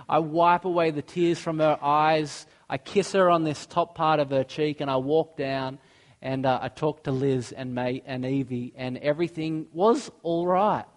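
A man's voice: a little high, normal speed. A man, preaching a sermon earnestly and mixing in personal stories. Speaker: pastor.

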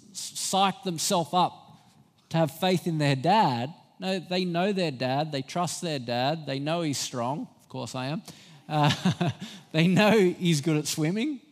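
A middle-aged man preaching a sermon, earnest and gentle, rising for emphasis. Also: on the high side, animated, a little slow. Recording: long hall reverb.

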